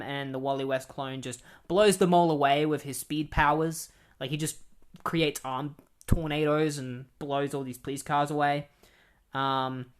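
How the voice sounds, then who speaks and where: A man's voice: a little high, smooth. A man casually recapping a comic book plot, rambling with many fillers. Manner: rambling, many ums and likes. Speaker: comic book retrospective host.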